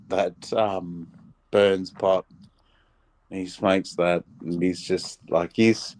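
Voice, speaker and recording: A man's voice: low voice, low-quality recording. A man chatting casually on a stream, rambling and restarting his sentences. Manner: rambling, with many restarts and fillers. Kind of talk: casual chat.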